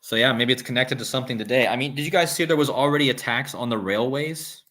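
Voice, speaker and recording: A man's voice: mid-range voice, fast talker, a bit bright. A man hosting a casual live stream, rambling with restarts and reading viewer comments aloud. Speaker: livestream host.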